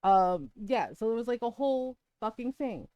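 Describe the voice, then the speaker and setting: A woman's voice: a little high, very animated, normal speed, warm tone, no echo, muffled recording. A middle-aged woman streamer telling a personal story in casual, heated talk, often swearing and tagging "right?" onto her sentences. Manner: heated, profane, rhetorical "right?" asides. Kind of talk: casual storytelling while gaming.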